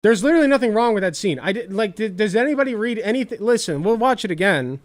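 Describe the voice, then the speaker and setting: A man's voice: high voice, lively intonation, fast. A young man reacting to clips in casual commentary, blunt and profane, repeating himself for emphasis.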